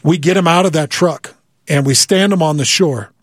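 A man with a somewhat husky, slightly high voice tells a personal story with lively energy. He restarts and repeats words as the details tumble out, and the close, dry recording keeps every word up front. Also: moderate pace, dry recording. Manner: vivid, repeats words, acts out quoted voices. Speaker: guest telling a story.

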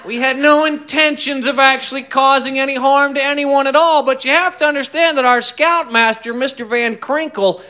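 A man telling a tall tale in a folksy, wry, drawn-out way. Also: very high-pitched, steady tone, pushed and bright. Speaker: storyteller.

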